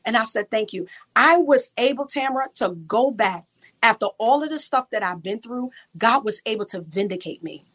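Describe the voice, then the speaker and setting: A woman's voice: a little high, expressive, normal speed, a bit bright. A woman from New York in her thirties or forties, giving a fervent, preacherly testimony as a podcast guest. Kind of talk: testimony in an interview.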